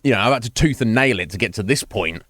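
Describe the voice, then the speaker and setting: A man's voice: fairly low pitch, lively intonation, fast talker, a bit bright, no room sound, studio quality, faint music behind. A man streaming live, chatting casually with his viewers in a rambling, self-mocking way and swearing freely.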